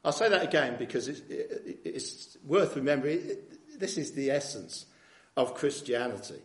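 A man's voice: mid-range voice, animated, normal speed. A man preaching a sermon in a conversational way, often asking tag questions of his listeners. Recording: echoey room.

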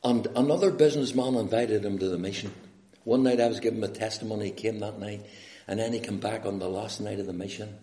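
A man with a Northern Irish accent preaching an evangelistic sermon full of stories, swinging from hushed words to loud, pleading questions. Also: on the low side, steady tone, fast talker, roomy sound.

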